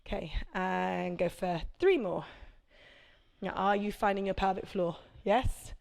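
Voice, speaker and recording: A woman's voice: medium pitch, measured pace, creaky, a little mellow. A woman, a prenatal fitness instructor, coaching a live workout class with chatty, encouraging cues and check-ins.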